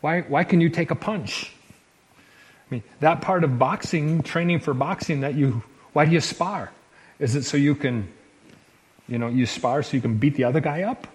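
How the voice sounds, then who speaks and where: A man's voice: fairly high pitch, moderate pace, rough recording. A male pastor preaching a sermon to his church in an emphatic, conversational way, often restarting his phrases.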